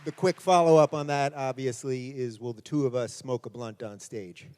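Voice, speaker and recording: A man's voice: mid-range voice, normal speed, a little mellow, smooth. A man moderating a live stage Q&A, playfully reading out questions from the audience.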